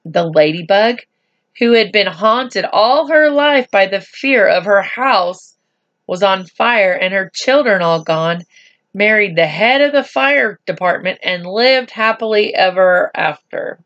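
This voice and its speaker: A woman reading a storybook aloud to children, speaking slowly and gently and adding chatty asides to them. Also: medium pitch, lively intonation, dull audio.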